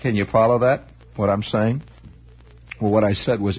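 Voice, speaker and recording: A man's voice: fairly low pitch, moderate pace, husky. A man telling a long, wry, meandering story in a monologue. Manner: wry, meandering, animated, rising excitement as story builds. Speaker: radio monologist. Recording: dull lo-fi old broadcast recording.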